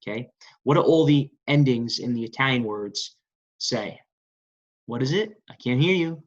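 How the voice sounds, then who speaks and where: A man's voice: medium pitch, lively intonation, normal speed. Guy teaching a language lesson, keeps coaxing u to repeat after him, kinda muffled lo-fi sound. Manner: coaxing, repetitive, asks the class to repeat. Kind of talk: classroom-style lesson. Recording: dull lo-fi recording.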